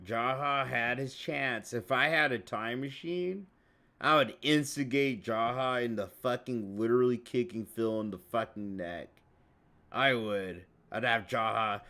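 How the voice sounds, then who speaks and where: A man's voice: mid-range voice, measured pace, sharp tone. A man streaming and giving a crude, profane reaction rant with heavy swearing.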